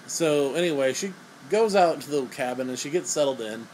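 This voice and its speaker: A man's voice: fairly high pitch, lively intonation, moderate pace, darkish tone, a little hiss or hum, poor audio. A young man giving a crude, sarcastic, rambling comedic movie review.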